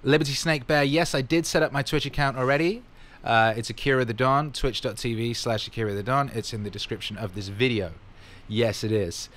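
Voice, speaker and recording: A man's voice: medium pitch, steady tone, brisk, few pauses, a bit bright. A man casually answering fan questions in his vlog, rambling and upbeat with plenty of fillers.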